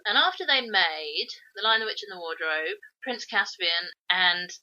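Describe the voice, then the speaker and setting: A woman's voice: fairly low pitch, animated, unhurried, pushed and bright. A woman co-hosting a podcast, chatting casually and critically about film adaptations. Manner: opinionated, critical. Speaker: podcast co-host. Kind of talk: casual film review chat. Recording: dull lo-fi podcast audio.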